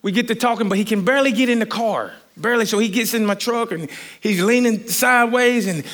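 High-voiced man preaching a story. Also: a little fast. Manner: animated, rambling, many restarts and fillers. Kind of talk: storytelling sermon.

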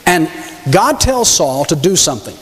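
Emphatic male preacher, lively high voice. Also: moderate pace. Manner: emphatic, storytelling, addresses the congregation directly. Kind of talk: sermon. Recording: long hall reverb.

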